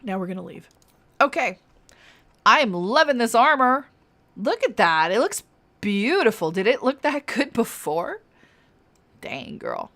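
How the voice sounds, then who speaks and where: A woman's voice: fairly high pitch, very animated, measured pace, long pauses, a bit bright. A young adult woman streaming a fantasy game, chatting casually and giggling as she plays. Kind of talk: casual gameplay commentary.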